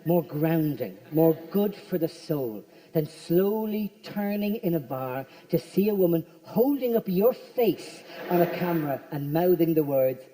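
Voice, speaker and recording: A high-voiced man doing live stand-up, rattling along quickly and breaking into quick impressions of people. His voice rings through the long reverb of a large hall, heard from a stage mic. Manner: rapid, excitable, mimics crowd members. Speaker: stand-up comedian.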